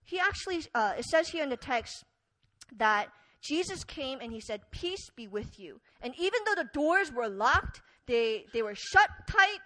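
A woman preacher giving an earnest, conversational sermon, telling the story with many fillers and wide swings between loud and soft. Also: high-pitched, animated, normal speed, low-quality recording.

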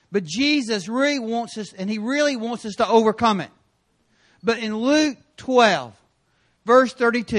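A man preaching in a church sanctuary, his voice sitting high for a man. He tells stories with energy, jumping from loud, punchy lines to quiet asides. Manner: animated storytelling with sudden loud and quiet turns. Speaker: guest preacher. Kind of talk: sermon.

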